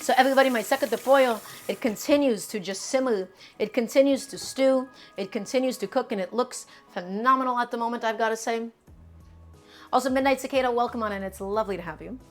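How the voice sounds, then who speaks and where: A woman's voice: on the high side, fast, faint music behind. Emphatic woman hosting a cooking show. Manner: emphatic, repeats instructions, addresses viewers directly. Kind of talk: live cooking demonstration. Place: home kitchen.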